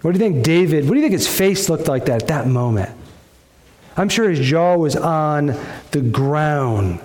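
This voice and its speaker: A middle-aged male pastor preaches in a high, bright voice. He tells the scripture story with emphatic turns, slowing down for weight and then rushing ahead. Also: expressive. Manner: storytelling with sudden swings in pitch and pace, emphatic. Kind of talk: sermon.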